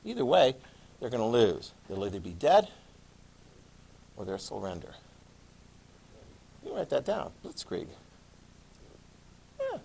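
A male history teacher lecturing a classroom in a playful, animated way, adding sound effects. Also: medium pitch, unhurried, creaky, long pauses, husky.

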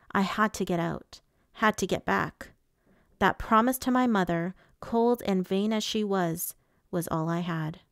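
Woman audiobook reader, first-person narration, slow and measured, dry close sound. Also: mid-range voice, no echo.

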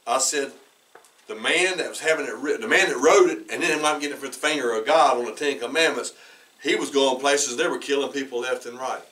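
Bright-voiced pastor preaching from a distance. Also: male voice, mid-range voice, brisk. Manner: conversational, repeats words and restarts, clears throat often. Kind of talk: sermon with personal storytelling. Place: church sanctuary. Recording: bright voice heard from away from the mic.

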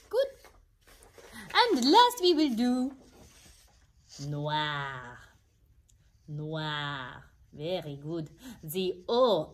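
A woman's voice: fairly low pitch, full character voice. Woman voicing a sing-song furry puppet teacher. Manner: slow, exaggerated, sing-song repeating for kids. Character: cheerful blue-haired furry puppet teacher. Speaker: children's French teacher. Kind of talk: children's puppet lesson.

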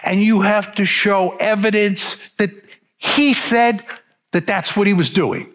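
A man's voice: high-pitched, takes it slowly, a bit bright. An older man giving a public lecture, arguing his case emphatically and stressing key words. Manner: emphatic, argumentative.

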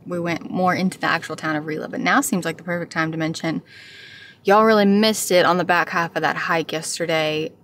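A woman's voice: lowish voice, fairly even intonation, fairly quick, fairly bright tone, slight background noise. An American woman, a young adult, talking through a travel vlog in a chatty, candid storytelling way. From United States. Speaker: travel vlogger. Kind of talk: casual vlog narration.

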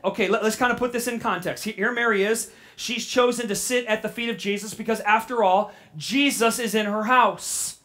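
A woman pastor preaching a sermon, animated and quick to repeat herself, then dropping into a soft, reflective tone. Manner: animated, repeats words when excited; drops to a soft, low reflective tone.

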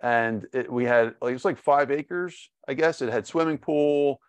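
A man hosting a podcast, chatting casually and upbeat, stumbling through restarts. His voice sits at an everyday pitch. It has a dry, close sound with little room. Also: moderate pace, clean tone, no echo. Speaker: podcast host. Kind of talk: casual interview.

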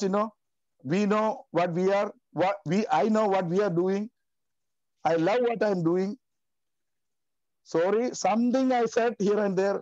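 A man in his fifties giving an emotional, passionate testimony in halting, repetitive phrasing. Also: sits high, a little mellow, no echo, dull audio. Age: 50s. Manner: passionate, repetitive, non-native grammar. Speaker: team member giving a testimony.

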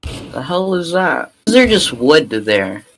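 A man chatting excitedly with friends while playing an online shooter, yelping and laughing under fire. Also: fairly high pitch, slow, a little hiss or hum. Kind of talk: casual gameplay chat.

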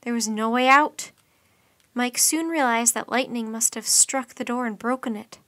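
Bright, lively woman reading a storybook. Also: on the high side, normal speed, dry recording. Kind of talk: children's storybook read-aloud.

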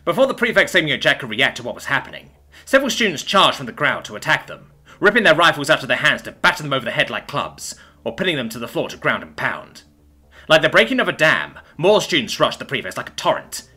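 A man narrating a sci-fi school story in an expressive reading voice. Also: mid-range voice, quick pace, husky. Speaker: narrator and author.

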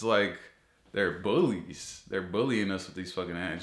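Male vlogger, low register, foul-mouthed comic ranter, echoey room sound. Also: a little slow. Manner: profane, animated ranting, voice jumping high when exasperated. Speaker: YouTuber. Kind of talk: casual ranting vlog.

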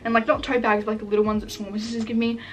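A young woman vlogger chatting casually while unboxing packages at home, gushing and excitable, full of "like" fillers. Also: on the high side, rapid-fire, slight background noise. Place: room at home. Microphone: camera set up in front of her.

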